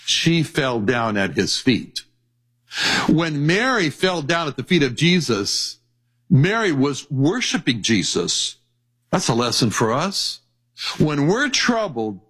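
A man preaching a sermon in a slightly husky voice. His pitch rises and falls in a lively way. He delivers it earnestly, repeats each verse reference and slows down on the key phrases. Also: poor audio.

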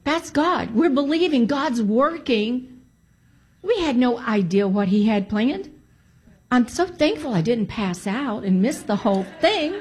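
A woman's voice: fairly high pitch, lively intonation, unhurried, a little mellow, breathy edge. Emphatic woman giving church testimony. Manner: emphatic, repeats phrases for stress. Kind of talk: testimony to a congregation.

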